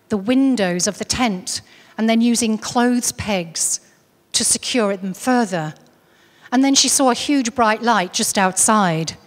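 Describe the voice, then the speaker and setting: A woman's voice: medium pitch, in a large hall. A woman giving a talk, earnestly recounting a case story with frequent restarts. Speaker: speaker on UFO contactees.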